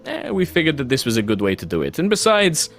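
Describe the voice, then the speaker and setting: A man's voice: on the high side, huge pitch swings, fast talker, vocal fry, faint music behind, pitched above the performer's own voice, full character voice. Jovial wandering wine merchant, sly and bouncy; man voices him. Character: cheerful middle-aged male traveling wine-seller.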